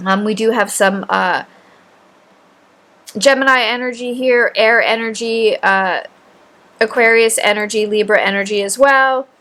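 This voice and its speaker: Enthusiastic higher-voiced woman doing a tarot reading. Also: measured pace, pauses often, a bit bright. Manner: enthusiastic, gushing; rambling, filler-heavy, frequent "right?". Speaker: tarot reader.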